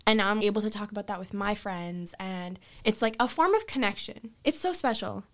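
A young woman, a guest, telling a family story in casual conversation, acting out quotes with lively jumps in her voice. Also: a little fast. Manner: animated, acts out quotes with big pitch jumps.

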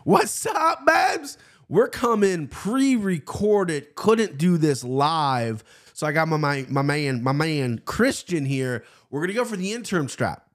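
A man in his thirties hosting a casual sports betting podcast, loose and excitable, swearing freely. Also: mid-range voice. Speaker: podcast host.

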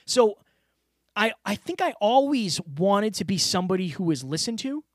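A man's voice: sits high, big pitch swings, moderate pace, no room sound, studio quality. A man talking openly and earnestly as a podcast guest, with lots of "like" and "you know" fillers. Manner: earnest, open, filler-heavy. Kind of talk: casual interview talk.

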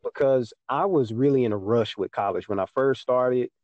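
A man's voice: medium pitch, normal speed, a little mellow, no echo, dull audio. A young man from Texas in casual chat, telling a story and acting out what people said to him. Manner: storytelling, acts out dialogue with mom.

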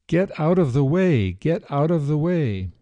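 Guy doing a shouty elephant driver yelling from way up, pitched up high, dark dry voice. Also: sing-song, a little slow, no room sound, highs cut off. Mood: shouting. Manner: hollering, loud.

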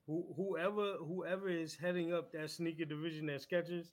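A man's voice: a little high, level tone, moderate pace. A man co-hosting a casual sports podcast, laughing and teasing his co-hosts. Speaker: podcast co-host.

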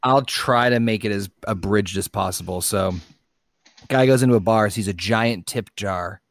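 Male podcast co-host, low voice, dry close mic, rambling profane joke-teller. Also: moderate pace, dry recording. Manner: rambling storyteller, acts out bar dialogue. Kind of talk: casual chat, telling a joke.

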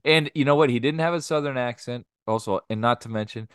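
A man's voice: medium pitch, fast, clean tone, dry recording, clean studio sound. A man co-hosting a casual podcast, telling a heated story with lots of swearing. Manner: heated, profane anecdote telling. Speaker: podcast co-host.

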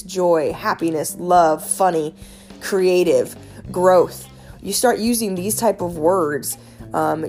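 Chatty woman giving wellness advice. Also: on the low side. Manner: earnest, animated, chatty with many fillers. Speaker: wellness speaker. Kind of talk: casual advice talk.

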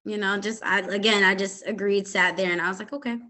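A young adult woman, a podcast host, calmly retelling a personal story with hesitant pauses and many fillers. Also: mid-range voice.

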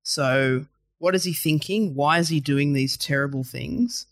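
A man co-hosting a casual film chat, animated and repeating words as he thinks. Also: fairly high pitch, a little slow, no room sound, clean studio sound. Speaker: podcast co-host.

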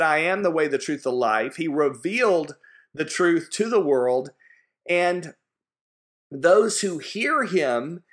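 Slow, earnest preaching man. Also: a little high, fairly bright tone. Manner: earnest, emphatic preaching with repetition. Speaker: pastor. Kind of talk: sermon.

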